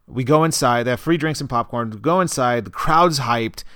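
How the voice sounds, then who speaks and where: Rambling podcast co-host, smooth dry voice. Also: male voice, mid-range voice, a bit bright, no echo. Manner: rambling, halting storyteller with many fillers and restarts. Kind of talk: casual chat.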